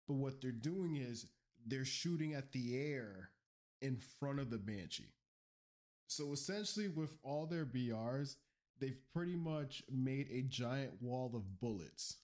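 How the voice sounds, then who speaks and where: Man animatedly recapping a story. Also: mid-range voice. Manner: energetic, rambling storytelling with slang. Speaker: podcast co-host. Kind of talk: casual lore recap chat.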